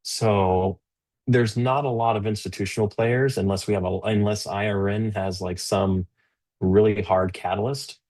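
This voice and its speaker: A man's voice: lowish voice, fairly even intonation, normal speed, a little mellow. A man hosting a live trading stream, talking through the market casually with fillers and restarts. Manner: conversational, with many fillers and restarts; stern and scolding toward a rude chatter. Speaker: live trading show host.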